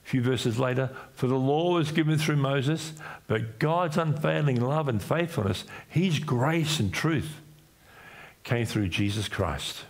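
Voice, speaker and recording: A man with an Australian accent, preaching a sermon as pastor in a church, acting out voices when he retells stories. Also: unhurried. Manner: acts out voices in his retellings, pitch swinging up and down.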